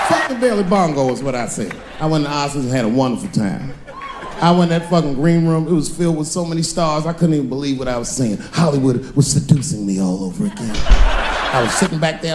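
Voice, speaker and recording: A man on a comedy stage tells his stories in a bouncing, animated way. His voice sits a bit high and swings widely in pitch. A faint murmur of the room sits under the stage mic. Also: noisy background. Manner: animated storytelling, voices jumping high for characters. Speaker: stand-up comedian. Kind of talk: stand-up comedy set. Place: comedy stage before a live audience.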